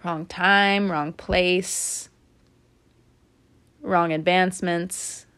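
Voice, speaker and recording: A woman giving a casual spoken tarot reading, chatty and animated, often breaking into laughter, recorded indoors at home. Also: fairly low pitch, extremely slow, clean tone. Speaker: tarot reader.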